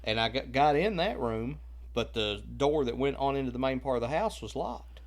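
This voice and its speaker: A man's voice: mid-range voice, lively intonation, moderate pace. A man co-hosting a family podcast, joking, teasing and telling his own childhood story with lots of laughs. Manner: jokey, laughs a lot, teasing. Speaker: podcast co-host. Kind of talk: casual chat and storytelling.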